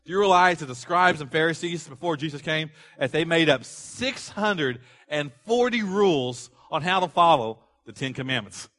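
A man preaching a sermon, animated, asking the congregation to fill in words and acting out the people in the story. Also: a little high, normal speed, few pauses. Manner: animated, acts out quoted voices, rising to loud exclamations; asks the audience questions and lets them fill in words. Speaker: pastor.

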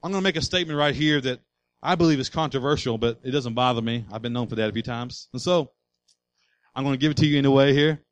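A male pastor preaching a sermon with passion, building up to loud declarations. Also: medium pitch, quick pace, no echo, rough recording.

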